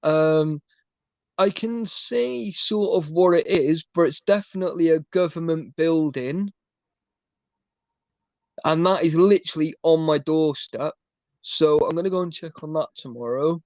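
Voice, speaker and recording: A man's voice: fairly high pitch, unhurried, a little mellow, no room sound, muffled recording. A man in casual chat on a stream, rambling and calling everyone mate.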